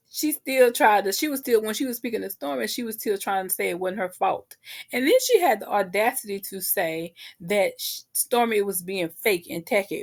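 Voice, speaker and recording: A woman, casually recapping a reality show for her viewers in a chatty, sassy way. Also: medium pitch.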